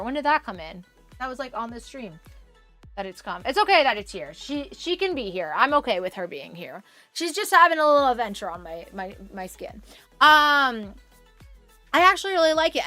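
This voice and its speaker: A woman's voice: high-pitched, bright, forceful tone. A young woman streaming from her room at home, chatting casually and rambling, with frequent swearing. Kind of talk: casual chat on a live stream.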